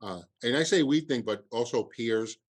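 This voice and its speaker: A man with a Cuban accent, a festival producer, talking in a halting podcast interview with many restarts and fillers. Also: mid-range voice.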